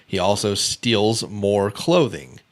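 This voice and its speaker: A man hosting a casual true crime podcast, reading out a case timeline with offhand asides and quick self-corrections. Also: lowish voice, lively intonation. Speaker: podcast host.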